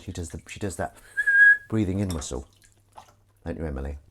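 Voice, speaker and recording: This man has a deep voice and speaks a little fast over heavy background noise, with clinking dishes and pans. He's doing the washing up in his home kitchen during a live stream, chatting casually in a rambling, jokey, self-deprecating way.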